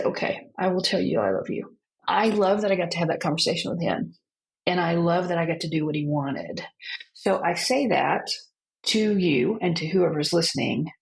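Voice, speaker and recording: A woman guest, an end-of-life counselor, speaking gently and reflectively in a podcast conversation, telling stories slowly with pauses. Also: deep voice, vocal fry, poor audio. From United States. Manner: gentle, unhurried storytelling with pauses.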